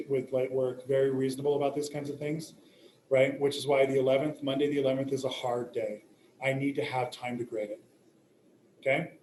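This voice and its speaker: A man's voice: medium pitch, steady tone, normal speed, a little mellow. A male teacher lecturing a class, joking and checking in with "right?" and "okay?", recorded from a distance in a classroom. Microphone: recording device some distance away. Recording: roomy classroom echo, faint hum.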